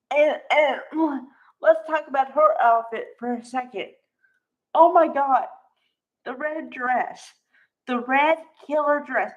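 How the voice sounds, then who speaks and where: Slow-talking woman, slightly high voice, gushes through a soap recap, says "like" a lot. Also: dull audio. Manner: gushing, chatty, peppered with "like". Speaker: soap opera recap vlogger. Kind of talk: casual chat.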